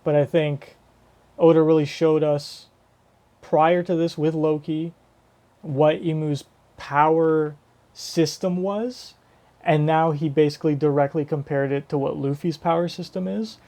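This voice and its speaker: Dude reacting live to a manga chapter, laid back, thinks out loud, drops swears, warm tone. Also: male voice, a little high, steady tone, unhurried. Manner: rambling, swears casually, thinks aloud. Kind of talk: casual live reaction commentary.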